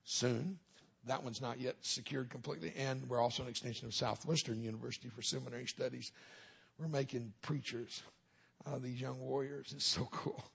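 A man's voice: mid-range voice, steady tone, fairly quick, vocal fry, fairly bright tone, slightly rough. A middle-aged man, a minister giving a humorous testimony sermon in a folksy storytelling way with punchlines.

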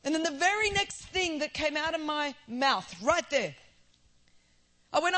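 A woman's voice: sits high, expressive, unhurried, sharp tone. A woman in her forties with an Australian accent, preaching a sermon that tells her own story and builds to emphatic declarations. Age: 40s. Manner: storytelling, rising to emphatic proclamation. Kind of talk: sermon testimony.

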